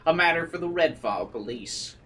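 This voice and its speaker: A man's voice: a little high, lively intonation, normal speed, bright, forceful tone, a little hiss or hum, pitched above the performer's own voice. A man voicing a stiff, formal divorce attorney writing a letter with a veiled threat.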